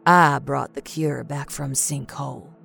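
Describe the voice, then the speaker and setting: A woman voicing a scarred woman who tells stories to children, speaking hushed and earnest. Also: rumbling low, fairly even intonation, measured pace, vocal fry, husky, voice pushed down, heavily acted.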